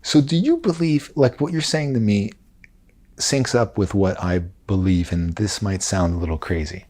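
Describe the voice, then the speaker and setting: A man's voice: fairly low pitch, normal speed, darkish tone. A male podcast host who asks questions hesitantly, restarts his sentences and chimes in often. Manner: hesitant, backchannels a lot, laughs easily. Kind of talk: casual interview chat.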